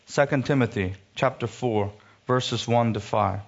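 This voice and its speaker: A man preaching a sermon, reading scripture and rising sharply in pitch when he rebukes, then dropping low for emphasis. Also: a little slow, vocal fry, dull audio.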